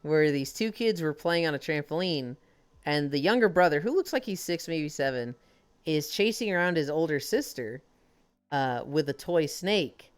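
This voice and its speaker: A young adult woman streaming and chatting casually, telling stories with lively acted-out quotes. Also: deep voice, normal speed, clear, resonant tone. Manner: animated storyteller, acts out quoted characters. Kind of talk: casual chat.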